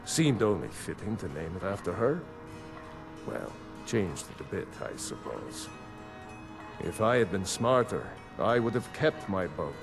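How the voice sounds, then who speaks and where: Bitter old shopkeeper. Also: male voice, fairly low pitch, sing-song, a little slow. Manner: gruff, sour complaining. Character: bitter aging male shopkeeper, former fisherman. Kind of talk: video game dialogue. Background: game music.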